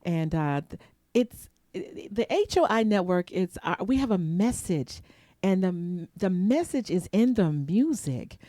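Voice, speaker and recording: A woman's voice: lowish voice, sing-song, measured pace, warm tone, no room sound. A woman hosting a live show, chatty and rambling, laughing often and losing her place in her notes. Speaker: host.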